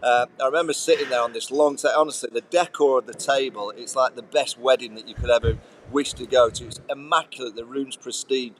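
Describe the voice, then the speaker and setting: A man's voice: medium pitch, steady tone, fairly quick, few pauses, slight background noise. A man, a podcast co-host, telling rambling anecdotes in a casual chat, listing details with fillers. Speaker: co-host, former cricketer.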